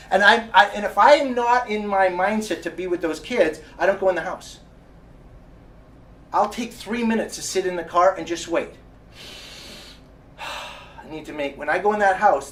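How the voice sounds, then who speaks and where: A man giving a motivational seminar talk to a live audience in a meeting room, full of restarts and repetition, often asking the crowd "right?". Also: high-pitched. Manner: keeps asking the audience "right?" and "how many know". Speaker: seminar presenter. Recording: distant mic with faint background noise.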